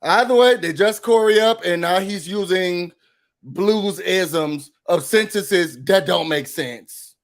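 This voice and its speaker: Taking his time, this high-voiced man hosts a recap show and launches into an animated rant. He's expressive and sassy, putting on a high voice whenever he mimics what someone said.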